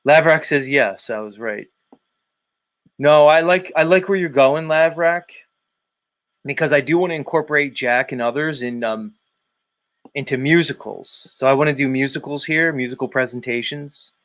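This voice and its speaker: A man's voice: on the high side, normal speed, fairly bright tone. A man hosting a livestream, chatting casually and reading viewer comments, rambling with lots of fillers and swearing. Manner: rambling, profane, thinks aloud with many fillers. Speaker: livestream host.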